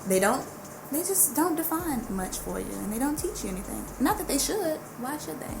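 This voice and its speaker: Gravelly-voiced blunt Southern woman. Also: sits high, big pitch swings, moderate pace. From Dallas. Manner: blunt, profane and emphatic. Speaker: guest. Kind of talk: casual podcast chat. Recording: noisy studio room.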